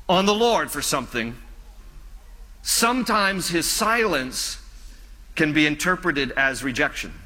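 Earnest male pastor preaching in a hall. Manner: earnest preaching, voice drops low and soft at ends of phrases. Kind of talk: sermon.

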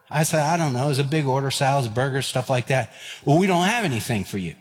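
A man in his fifties preaches from the pulpit, his voice pitched a touch high for a man. He slips into acted voices and escalating lines while telling stories. A long hall reverb trails every phrase. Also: brisk, breathy edge. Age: 50s. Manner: animated, acts out quoted voices and escalating lines. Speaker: pastor. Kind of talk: sermon with storytelling. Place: church sanctuary.

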